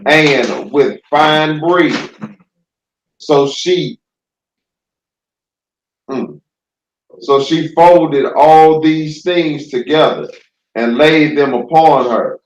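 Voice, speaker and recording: Slow halting man reading scripture. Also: fairly high pitch, reverberant, poor audio. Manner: halting, stumbling reading aloud. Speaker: scripture reader.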